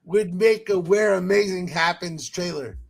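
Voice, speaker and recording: A man with a notably high speaking voice holds forth as a podcast host, ranting with plenty of swearing. He breaks into laughter at his own stories as he goes. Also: a little slow, creaky. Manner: animated, profane ranting with laughing asides. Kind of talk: casual chat.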